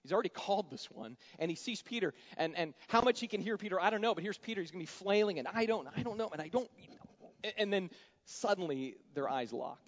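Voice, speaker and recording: A man preaching a sermon, animated, acting out scripture characters in shifting voices. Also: high-pitched, fast. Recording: dull sound with long hall reverb.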